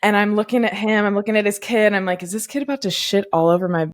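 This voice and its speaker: A woman hosting a casual podcast, her voice sitting at an ordinary middle pitch. She tells stories in a loose, chatty way, leaning on fillers as she goes. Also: quick pace. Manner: chatty storyteller, many fillers. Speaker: podcast host.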